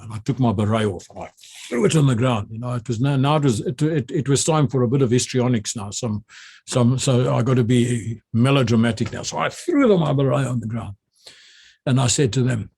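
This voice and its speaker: An older man from South Africa with a South African accent, a retired general telling memories in an animated way. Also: medium pitch, brisk, vocal fry, breathy edge. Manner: animated storyteller who acts out the orders he shouted. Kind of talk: recounting memories in a conversation.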